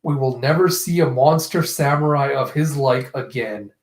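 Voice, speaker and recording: A man's voice: mid-range voice, normal speed, close to an everyday voice. A man voicing a huge, brutal older male pirate warlord from a comic, speaking in a grim, menacing way. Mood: grim brooding. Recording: echoey room.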